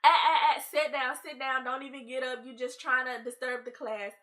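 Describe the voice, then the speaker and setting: A woman's voice: high voice, normal speed, voice pushed up. Woman putting on a snappy, bossy schoolteacher. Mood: scolding. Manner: sharp, scolding, bossy commands. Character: strict, irritable female schoolteacher snapping orders.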